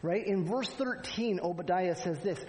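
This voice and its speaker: High-voiced preacher in a reverberant hall. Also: male voice, normal speed, darkish tone. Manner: conversational preaching, frequent "right?" asides, acts out quoted lines. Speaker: pastor. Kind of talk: sermon.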